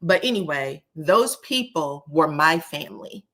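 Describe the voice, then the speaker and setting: A woman doing casual live-stream commentary, chatty and animated, talking straight to her chat. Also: low-pitched, unhurried. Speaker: livestream commentator.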